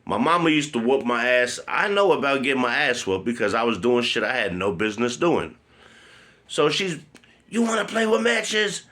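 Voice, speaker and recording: A man telling a personal story in a blunt, profane, animated way. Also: mid-range voice, moderate pace. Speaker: vlogger.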